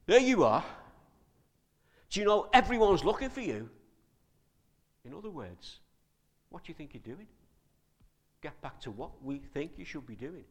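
A man preaching a sermon in a conversational, animated way, asking his listeners many questions. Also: medium pitch, slightly rough.

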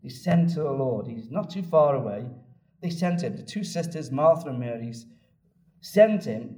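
A man preaching a sermon, telling the story in a lively way and repeating phrases for emphasis. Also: fairly high pitch, normal speed. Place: church. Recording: echoey church room from a distance.

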